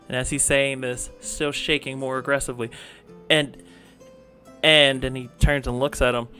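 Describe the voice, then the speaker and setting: Guy narrating a tabletop game, animated, mid pitch, faint music under it. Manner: animated, switching into quick character voices. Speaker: game master.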